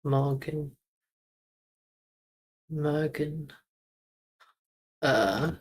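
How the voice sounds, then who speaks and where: A medium-pitched streamer rehearses German pronunciation on a live stream, going over words slowly and repeatedly while chuckling and dropping the odd mild swear.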